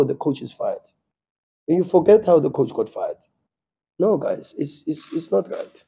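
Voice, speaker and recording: This South African man, a football coach, talks impassionedly after a match, his repetitive speech broken by stammering restarts. He has a fairly high, slightly rough voice, and the audio's high frequencies are cut off.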